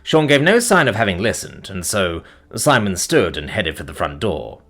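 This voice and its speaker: A man narrating a science-fiction story in an expressive storytelling manner. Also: low-pitched, normal speed, soft background music. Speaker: audiobook narrator.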